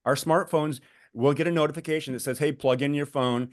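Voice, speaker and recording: A middle-aged man, a guest author and coach, telling examples in a lively podcast chat with many fillers and restarts. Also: a little high, a little fast, no room sound, studio quality. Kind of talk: podcast conversation, explaining.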